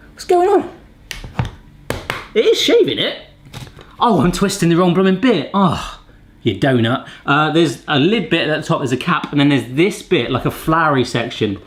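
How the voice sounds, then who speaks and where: A man's voice: a little high, a bit bright. A man hosting a casual gadget-testing vlog in a home kitchen, chatty and fond of puns. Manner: jokey, pun-loving, chatty. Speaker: cooking channel host.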